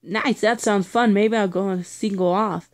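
A woman's voice: medium pitch, steady tone, moderate pace, low-quality recording. A woman giving casual gameplay commentary, chatty, exclaiming at her mistakes and making playful sound effects. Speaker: let's play host. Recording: game music playing behind.

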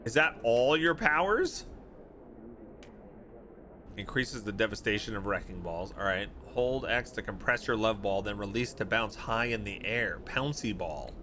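A man's voice: fairly low pitch, expressive, a little slow, noisy background. A man streaming a video game, chatting and reading game text aloud, with game music behind. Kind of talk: let's play commentary.

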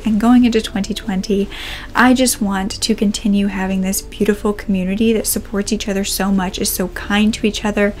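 A woman hosting a true crime channel, speaking a sincere, heartfelt message straight to her viewers, a little emotional, with some phrases trailing off soft and near-whispered. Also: medium pitch, steady tone, moderate pace.

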